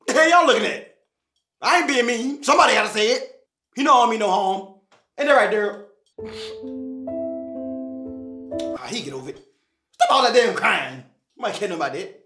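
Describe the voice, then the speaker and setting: A man putting on a blunt, cussing middle-aged dad who shouts insults and laughs at his own jokes. The voice sits high and swings around a lot. It has an echoey room sound with faint music behind it. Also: heavily acted. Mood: grumbling.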